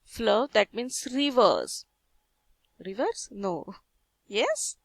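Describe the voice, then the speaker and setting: A woman's voice: fairly high pitch, very animated, very slow, dry recording, clean studio sound. A woman with an Indian accent, teaching a French lesson patiently in English, asking viewers questions and reading French terms aloud. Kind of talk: slow step-by-step lesson.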